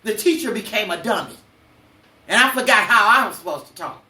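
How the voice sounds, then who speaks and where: A woman's voice: mid-range voice, lively intonation, brisk, bright, forceful tone, roomy sound, distant mic. An older woman hosting a podcast, telling blunt, preachy personal stories with cursing. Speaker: podcast host. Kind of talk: emotional personal monologue.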